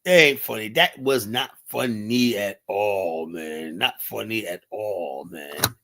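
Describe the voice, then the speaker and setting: A man's voice: on the low side, slow, a little hiss or hum. Profane, laughing man telling club stories. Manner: laughing, profane, animated retelling with quoted voices. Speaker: streaming show host. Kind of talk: casual storytelling monologue. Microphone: streaming setup mic.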